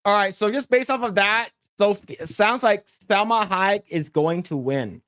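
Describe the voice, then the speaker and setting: A man's voice: high voice, measured pace, a bit bright, dry recording, studio quality. A man hosting a casual livestream podcast, rambling, repeating words and thanking donors. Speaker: podcast host.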